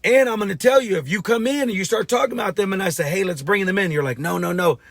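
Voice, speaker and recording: A man's voice: sits high, animated, quick pace, a bit bright, dry recording, studio quality. A middle-aged man giving a blunt, profane, fired-up motivational rant as a business coach.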